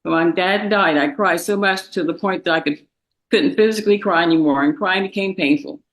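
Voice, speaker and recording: A young woman reading a prepared statement in a courtroom, emotional and halting, fighting back tears, with restarts and repeated words. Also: on the low side, poor audio. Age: young adult. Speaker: victim's daughter giving impact statement.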